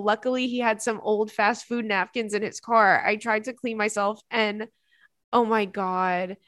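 Laughing, animated woman podcast host. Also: medium pitch, dry recording, clean studio sound. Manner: animated, laughing, dramatic reactions. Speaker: podcast host reading listener stories. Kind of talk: casual chat.

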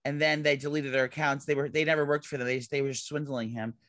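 A man co-hosting a casual gossip podcast, rambling and excitable, swearing casually. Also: mid-range voice, fast talker, dry recording. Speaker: podcast co-host.

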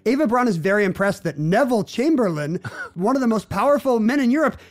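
A man's voice: sits high, expressive, fast talker. A man hosting a podcast, chatting casually with wry jokes. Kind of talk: casual comedic chat.

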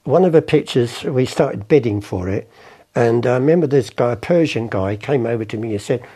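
Speaking at a moderate pace, the older man's gravelly voice is medium-pitched, mellow and animated. Once an art forger, he tells rambling tales in an interview and performs the voices of the people in them.

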